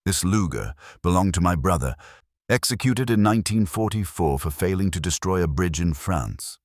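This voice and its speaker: Cold menacing colonel, read by a man in a very deep, dry voice. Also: animated, normal speed, no room sound. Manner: cold, clipped, threatening. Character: stern cold male German colonel.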